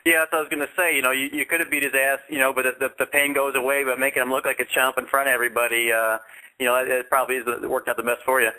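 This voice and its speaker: A man's voice: medium pitch, level tone, rapid-fire, pushed and bright, rough recording. A male interviewer who affirms the guest's story and then asks a loosely phrased question.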